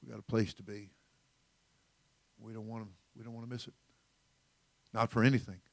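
A man's voice: on the low side, flat delivery, brisk, gravelly. An older man preaching as senior pastor, a folksy, rambling sermon full of storytelling asides. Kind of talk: conversational sermon.

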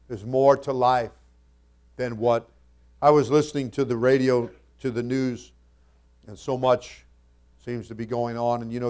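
A male pastor delivering a sermon at a medium pitch. He talks casually and thoughtfully, then builds to loud, emphatic stretches as he reads scripture in old-fashioned wording. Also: clean tone. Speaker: senior pastor.

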